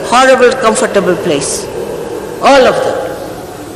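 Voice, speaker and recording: A woman's voice: medium pitch, very animated, moderate pace, long pauses. A woman gives an earnest, scolding spiritual talk to her followers. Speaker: spiritual teacher. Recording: echoey hall recording, faint noise.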